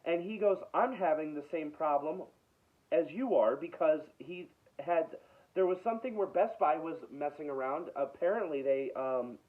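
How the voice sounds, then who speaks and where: A man's voice: on the high side, normal speed. A man hosting his own video, telling a frustrated story in a casual rant, stumbling and repeating himself. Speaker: video host. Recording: tinny phone-like sound.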